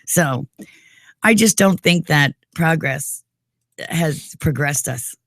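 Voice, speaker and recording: A woman's voice: low voice, lively intonation, slow, no echo, clean studio sound. A woman in her forties from New York, co-hosting a radio morning show and talking emphatically, sprinkled with "you know". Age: 40s. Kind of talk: casual talk radio chat. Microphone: studio mic.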